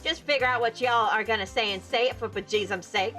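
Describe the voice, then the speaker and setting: Woman putting on a loud, brash Southern country gal. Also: on the high side, a little fast, soft background music. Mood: defiant. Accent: put-on American Southern drawl. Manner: loud, scolding, drawling.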